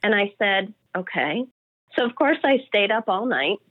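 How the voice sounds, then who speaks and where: A woman's voice: mid-range voice, normal speed, no room sound. A woman telling an emotional personal story as an interview guest. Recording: dry phone-like audio.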